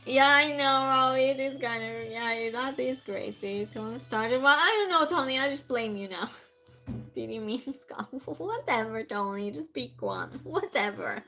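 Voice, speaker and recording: A woman with a fairly high, expressive voice hosts a trivia game on a live stream, speaking a little slowly in a sharp tone. She chats casually, reading viewers' messages aloud and answering them. Faint music plays behind her on a low-quality recording.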